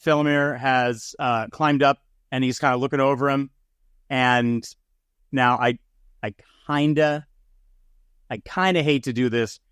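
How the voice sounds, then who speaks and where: A man runs a tabletop game in a laid-back, easygoing way, stumbling over his own words and chuckling as he narrates. His voice is smooth and clear. The recording is close and dry. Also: medium pitch, steady tone, measured pace, long pauses, a bit bright, dry recording. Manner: laid-back, chuckling, with many fillers and restarts. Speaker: game master. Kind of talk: running a tabletop game for a podcast.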